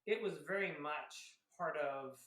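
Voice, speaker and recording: A man's voice: on the high side, unhurried, fairly bright tone. Chatty man in his fifties, echoey room. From grew up in South Carolina. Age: 50s. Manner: chatty, laughs often, acts out quotes. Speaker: guest, Air Force veteran. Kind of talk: casual interview storytelling.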